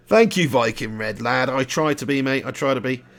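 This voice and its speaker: Speaking with vocal fry in a mid-range, fairly bright voice, the man is a gaming streamer from southern England. He commentates a live game stream, chatting loosely and laughing frequently.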